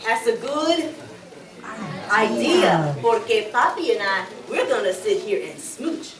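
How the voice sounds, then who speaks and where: A woman voicing a warm, playful mother mouse in a children's story. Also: a little high, sing-song, slow, crowd noise. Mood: cheerful. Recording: echoey room recorded from far off.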